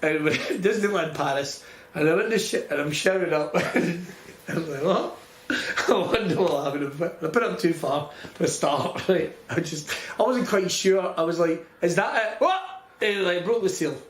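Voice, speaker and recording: A Scottish man co-hosting a podcast, swearing and laughing through lively stories. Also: on the high side, normal speed. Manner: sweary, laughing, animated storytelling. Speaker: podcast co-host. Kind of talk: casual chat. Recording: roomy echo, faint noise.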